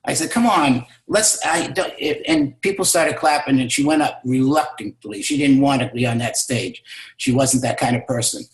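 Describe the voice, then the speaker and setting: A man's voice: medium pitch, normal speed. Male business mentor, motivational storyteller, emphatic and repetitive, mid-range voice, echoey room. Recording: roomy echo.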